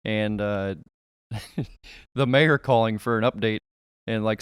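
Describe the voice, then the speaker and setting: A man's voice: lowish voice, slow, pauses often, clear, resonant tone, no echo, studio quality. A man who is a guest on a podcast, telling stories in a casual, chatty way with many restarts. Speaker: podcast guest, reptile catcher. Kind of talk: casual interview storytelling.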